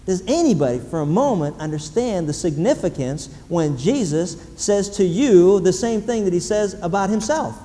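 Guy preaching a sermon, kinda high voice but mellow, lots of hall reverb. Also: normal speed, few pauses. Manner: animated, repetitive emphasis, rising to loud exclamations. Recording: long reverb in a large hall, faint ambience.

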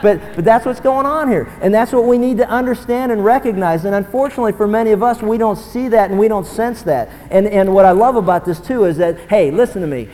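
A young man preaching a sermon, animated and swinging from low, quiet asides to loud, excited bursts. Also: fast, hardly any pauses. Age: young adult. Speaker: pastor. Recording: long hall reverb.

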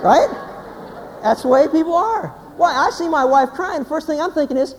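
A man, a pastor, giving a humorous sermon as an animated, joking storyteller. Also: very high-pitched, moderate pace. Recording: hall reverb, faint background noise.

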